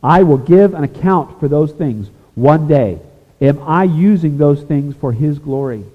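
A pastor preaching a sermon, earnest, rising to emphatic points and dropping to a hushed, confessional tone. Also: male voice, on the high side, expressive, unhurried. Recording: echoey hall over a tinny phone-like line.

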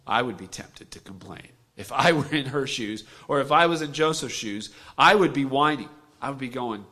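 Male preacher, bright and forceful tone, swings from hushed to booming, mid pitch. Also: animated, moderate pace. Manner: swings from hushed near-whisper to loud emphatic preaching. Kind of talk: sermon.

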